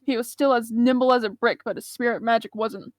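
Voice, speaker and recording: Woman reading a book out loud on stream, bit high, dry sound, casual. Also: steady tone, a little fast, no room sound. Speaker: co-reader.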